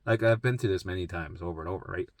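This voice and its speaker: A man's voice: low voice, quick pace, no room sound. A man rambling through his own health story in casual, profane, emphatic storytelling. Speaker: vlogger sharing a health journey.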